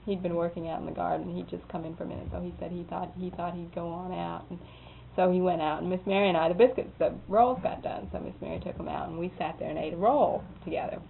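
A woman's voice: lowish voice, fairly even intonation, fast talker, vocal fry. A woman casually telling a rambling, folksy anecdote in an interview, often quoting what others said. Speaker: storyteller being interviewed. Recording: tinny phone-like recording with faint noise.

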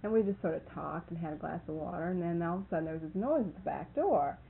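Woman, low gravelly voice, folksy rambling storyteller, tinny phone line with faint hiss. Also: animated, quick pace. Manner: folksy, rambling, laughs often. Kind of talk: casual storytelling.

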